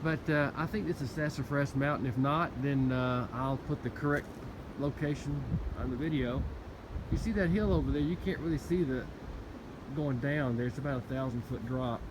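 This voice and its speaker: A man's voice: mid-range voice, normal speed. A man with a Southern accent talking to his handheld camera on a wooded mountaintop, in a rambling, folksy video diary. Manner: rambling, folksy, chatty with fillers. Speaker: thru-hiker vlogger. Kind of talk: casual video diary on the trail. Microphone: handheld camera mic. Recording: noisy outdoor camera audio.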